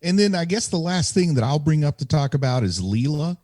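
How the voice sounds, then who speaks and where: A man co-hosting a podcast, musing in an animated way and trading theories in casual chat. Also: a little high, fairly quick, no room sound, clean studio sound. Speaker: podcast co-host.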